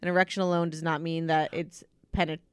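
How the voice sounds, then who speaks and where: A woman's voice: low-pitched, level tone, fast, smooth, dry recording. A young woman co-hosting a podcast in casual chat, teasing and giggly, reading out fun facts. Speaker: podcast co-host.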